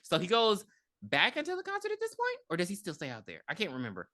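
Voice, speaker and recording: A woman's voice: lowish voice, fast talker, no echo. A woman co-hosting a podcast, chatting casually as she retells a film's plot, acting out characters' lines with laughter. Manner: animated retelling with voiced quotes and laughs. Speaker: podcast co-host. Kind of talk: casual movie review chat.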